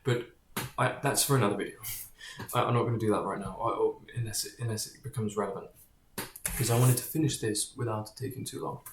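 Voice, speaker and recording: A man's voice: fairly low pitch, fairly even intonation, a little fast, slight background noise. A man talking casually to camera in a digressive, rambling way, often drifting off topic, blunt and sometimes profane. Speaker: vlogger. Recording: echoey room.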